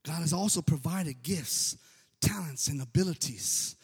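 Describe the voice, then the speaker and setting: A man preaching a sermon with passion, swinging from shouts to hushed softness and peppering his talk with amens. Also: on the high side, measured pace, breathy edge. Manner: impassioned, swings between shouting and soft hushed delivery; repeats amen often, stammering restarts. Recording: long hall reverb.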